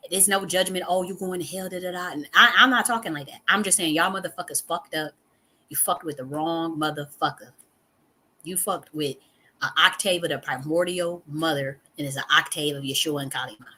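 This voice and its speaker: A woman's voice: lowish voice, bright, forceful tone, husky. A woman, giving a heated, profane monologue full of repetition and sudden outbursts. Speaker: spiritual teacher and channel host. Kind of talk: impassioned monologue.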